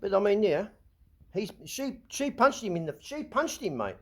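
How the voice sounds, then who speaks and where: A middle-aged Australian man rants into the camera, slightly higher-pitched than most men, agitated and swearing freely. He trips over his words, repeating and restarting as he vents. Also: sing-song, normal speed. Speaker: vlog host. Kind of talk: ranting monologue.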